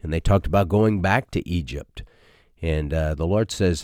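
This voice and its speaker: Middle-aged male pastor, deep voice, dry recording; easygoing, conversational sermon delivery. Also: normal speed, a little mellow, no echo. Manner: conversational, folksy preaching with frequent fillers.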